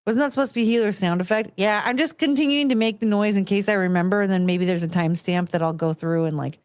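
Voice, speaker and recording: A woman's voice: medium pitch, brisk, dry recording, studio quality. A woman in her thirties hosting a casual chat podcast, chatty and giggly, rambling with plenty of fillers. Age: 30s. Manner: giggly, chatty, frequent laughter. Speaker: podcast host.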